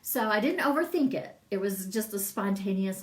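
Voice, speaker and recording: A woman's voice: mid-range voice, animated, normal speed, roomy sound, recorded from a distance. A middle-aged woman, a massage business coach, talking in a casual, rambling livestream and reading out viewer comments. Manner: chatty, rambling, laughs often, reads viewer comments.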